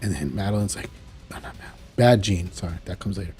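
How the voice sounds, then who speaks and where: A man's voice: deep voice, quick pace, dark tone, faint music behind. A man casually reviewing and recapping a cartoon episode, chatting loosely and acting out lines. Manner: chatty, retells scenes, acts out quotes. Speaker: show reviewer.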